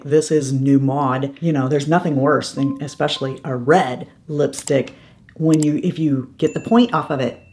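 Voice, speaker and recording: A woman with a notably low voice hosts a casual beauty vlog. She chats eagerly about her favorite products and speaks directly to her viewers. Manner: chatty, warm-hearted and enthusiastic, addressing viewers directly. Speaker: beauty vlogger host. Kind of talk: casual makeup review vlog.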